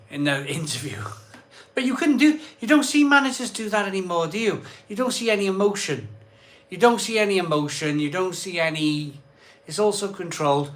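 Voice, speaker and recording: A man's voice: fairly high pitch, a bit bright. A man hosting a live stream from his home bar, reading out viewer comments in a rambling, chatty way and often repeating himself. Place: cold home conservatory bar.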